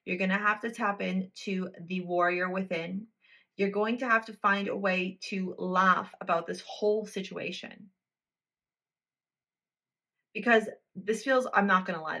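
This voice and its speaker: A woman's voice: mid-range voice, bright, forceful tone. A woman reading tarot cards for a pick-a-card video, talking straight to the viewer in a blunt, emphatic way and swearing freely. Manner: addresses the viewer directly. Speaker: tarot reader.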